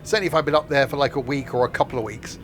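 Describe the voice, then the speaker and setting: A man talks very fast in a medium-pitched voice as he streams a train simulator, joking, laughing often and answering chat. Faint music plays behind him, and a steady noise sits under his voice.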